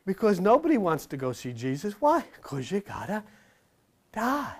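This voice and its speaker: An older man gives a rambling, folksy sermon to a live room. His voice rises and falls widely as he jokes and teases the congregation. He swings from loud asides to low murmurs. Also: wildly swooping pitch, normal speed. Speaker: preacher.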